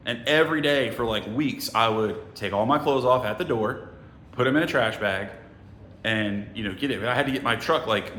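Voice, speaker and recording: A middle-aged man casually telling a story, animated and profane, who acts out the other people's voices. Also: mid-range voice, echoey room, a little hiss or hum. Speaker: sales trainer telling a story.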